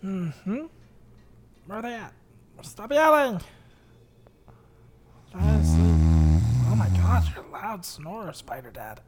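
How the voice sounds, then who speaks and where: Woman player with a low, very lively voice, teasing and playful. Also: slow pace, long pauses, noisy background. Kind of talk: tabletop role-play.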